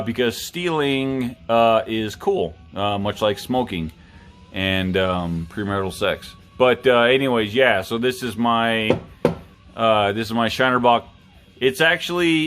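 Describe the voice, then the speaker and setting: A man's voice: mid-range voice, a bit bright. A tipsy man hosting a knife review vlog, rambling casually with plenty of swearing and self-mocking jokes.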